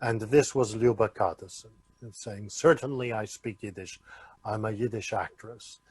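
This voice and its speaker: A man from the United States, a guest on an interview podcast, telling stories at an easy pace with many small pauses. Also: on the low side, breathy edge, dry recording. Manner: unhurried, full of "uh" pauses. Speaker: guest, Yiddish actor. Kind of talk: relaxed storytelling in an interview.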